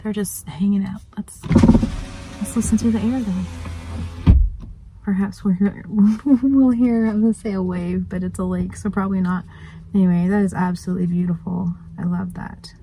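A woman's voice: mid-range voice, fairly even intonation, fairly quick, noisy background. A woman vlogging outdoors by a lake, chatting and gushing, sometimes dropping to a whisper. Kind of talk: casual chat.

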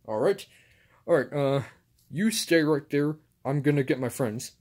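A man voicing a calm, patient superhero, talking hesitantly with many fillers in home toy play-acting. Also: fairly high pitch, measured pace.

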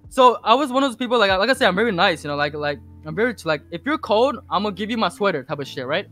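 A man being interviewed as a podcast guest, telling a casual story full of swearing and restarts. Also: high-pitched. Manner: rambling, heavy swearing, animated retelling.

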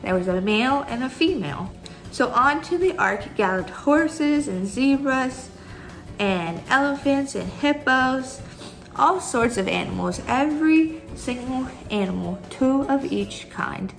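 A woman's voice: high voice, expressive, a little slow, vocal fry, faint music behind, rough recording. A young woman teaching a children's church lesson, chatty and upbeat, talking straight to the kids. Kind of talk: Bible story lesson for kids.

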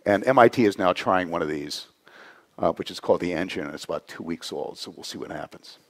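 Deep-voiced man giving a conference talk. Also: animated, fairly quick, gravelly. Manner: conversational, frequent "right?" tags. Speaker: conference speaker. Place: conference hall.

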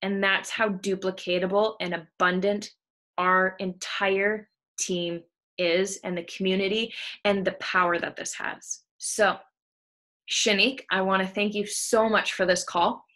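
A woman's voice: medium pitch, flat delivery, measured pace, a bit bright. A woman leading a motivational team call, hyped and cheering her team on, swearing freely, from a room at home. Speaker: team leader of a coaching team. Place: room at home with the window open.

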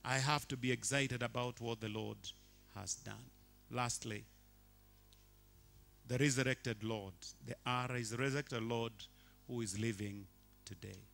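A man, preaching a sermon as a bishop in a church, animated and shifting between quiet and loud. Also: mid-range voice, measured pace, vocal fry, long pauses. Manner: animated, swings from quiet to shouting.

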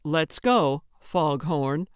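A woman's voice: low voice, lively intonation, very slow, clear, resonant tone, no echo, clean studio sound, heavily acted. A woman voicing a chipper older woman who plays amateur sleuth, talking in a perky, cheeky way.

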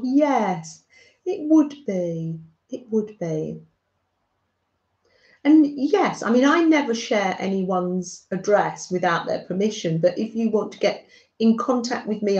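Brief: unhurried middle-aged British woman, motherly craft streamer, roomy dull home audio. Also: medium pitch, vocal fry. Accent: British English. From Britain. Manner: soft, motherly, chatting to viewers with frequent little laughs. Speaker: craft livestream host. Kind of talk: gentle chatty livestream.

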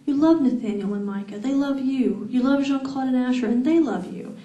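A troubled young man, pleading and subdued, as a woman reads him aloud. The reading pitch sits a little high. The voice is caught from some distance in an echoey room. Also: fairly quick, dark tone, muffled recording, lightly acted. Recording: echoey room, far from mic.

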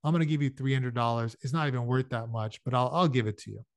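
A man's voice: mid-range voice, fast talker, no echo, studio quality, close to an everyday voice. A man reading aloud and voicing a scheming male rancher who talks in a polite but dismissive way.

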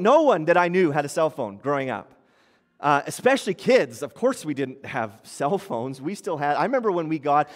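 Youngish pastor guy preaching casual-like, slightly high voice, big echoey church hall. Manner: conversational preaching with acted-out quotes. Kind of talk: sermon. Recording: long church hall reverb.

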